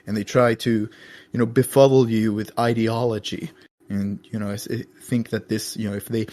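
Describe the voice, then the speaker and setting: A man's voice: medium pitch, a little mellow. A man from Finland, chatting casually as a podcast guest, rambling with restarts. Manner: rambling, many restarts, mocking put-on voices when quoting.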